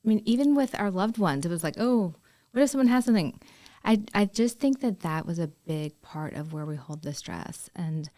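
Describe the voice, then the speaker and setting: A woman co-hosting a podcast, explaining things in a calm, reassuring way during a casual conversation. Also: on the low side, normal speed, few pauses. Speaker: podcast co-host.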